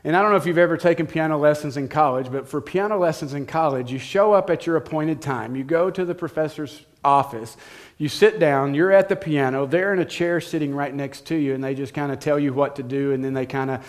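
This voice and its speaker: A man's voice: fairly high pitch, brisk. Storytelling man preaching a sermon. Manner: conversational storytelling, addresses listeners directly. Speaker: pastor.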